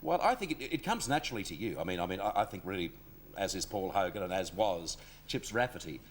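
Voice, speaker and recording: A man's voice: low-pitched, very animated, quick pace, slight background noise. An Australian man hosting a television talk show, chatting and telling anecdotes with his guest. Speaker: TV variety show host.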